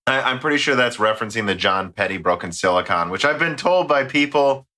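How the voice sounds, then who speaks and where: A man's voice: mid-range voice, expressive, a little fast, pushed and bright. An American man hosting a casual tech podcast, rambling and joking as he reads listener mail. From United States. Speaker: podcast host.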